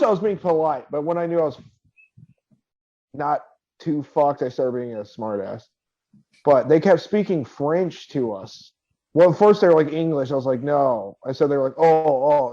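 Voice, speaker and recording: A man's voice: fairly high pitch, darkish tone, dull audio. Profane, laughing man telling a story. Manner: profane, laughing, quotes people in his anecdote. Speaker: podcast co-host. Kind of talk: casual storytelling chat.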